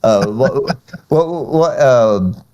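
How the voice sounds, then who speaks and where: A man's voice: mid-range voice, lively intonation, drawn-out words, warm tone, highs cut off. A man hosting a podcast in loose, chatty talk, with restarts and laughs along the way. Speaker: podcast host. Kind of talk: casual podcast chat.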